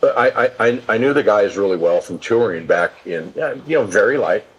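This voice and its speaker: A man's voice: fairly low pitch, normal speed, slightly rough, rough recording. A man in his sixties telling rambling, profane stories in a casual interview, restarting his sentences often. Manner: profane, animated storyteller with many restarts. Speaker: guest, live event production executive.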